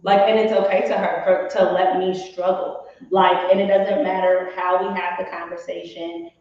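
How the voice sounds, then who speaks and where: A woman in her late twenties talks in a lowish, slightly mellow voice, her delivery flat and her pace moderate. It's a candid, casual chat, and she speaks with emphatic conviction, often checking in with "you know what I'm saying." She sounds far from the mic in a very echoey room, and the audio is dull and lo-fi.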